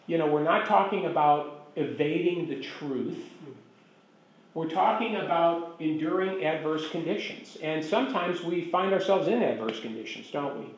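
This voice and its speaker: Man, pastor, conversational bible teaching, fairly high-pitched, roomy echo. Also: normal speed, slight background noise. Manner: chatty, asks the room for agreement. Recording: echoey room.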